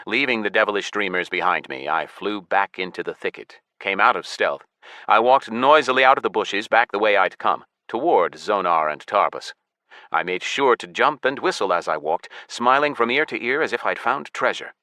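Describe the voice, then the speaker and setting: A man reads a first-person audiobook, his voice low-pitched with a bright, forward edge. He tells the story in a wry, matter-of-fact way, recorded dry and close in a studio. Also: lively intonation, normal speed, no echo. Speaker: audiobook narrator. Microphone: close studio mic.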